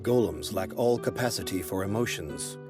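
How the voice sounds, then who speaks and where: An actor voicing a towering, gentle golem lord who speaks slowly and solemnly in an anime dub. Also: male voice, low voice, expressive, music in the background. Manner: slow, measured and solemn.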